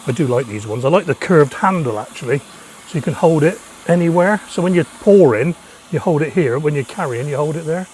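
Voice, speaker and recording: Man, lively up-and-down voice, somewhat high, casual gardening chat outdoors. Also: fairly quick, slight background noise. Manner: chatty, muttering asides while working. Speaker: allotment gardener vlogger. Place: outdoors at an allotment plot.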